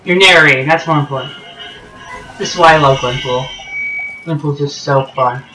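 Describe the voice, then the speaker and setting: A man's voice: a little high, moderate pace, far from the mic, over music. A man hosts a let's play, rambling through casual gameplay commentary. He tosses in goofy jokes and asides as he goes. His voice sounds echoey, as if the mic sits a little away from him.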